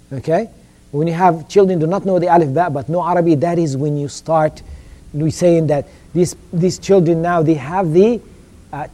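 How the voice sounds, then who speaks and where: A man's voice: a little high, warm tone. A man giving an informal religious education lecture, stumbling and repeating words and often checking in with "okay?". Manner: halting, repeats words, keeps asking "okay?".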